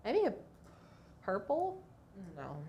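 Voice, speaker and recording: A woman's voice: fairly high pitch, wildly swooping pitch, takes it slowly, mellow, muffled recording, slight background noise. A woman hosting a casual craft tutorial, chatty and playful, thinking aloud as she works through each step. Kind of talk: casual screen-share tutorial.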